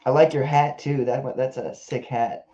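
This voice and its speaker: Mellow-voiced man on dull lo-fi audio. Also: medium pitch, steady tone. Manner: enthusiastic, quick to laugh. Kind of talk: casual chat.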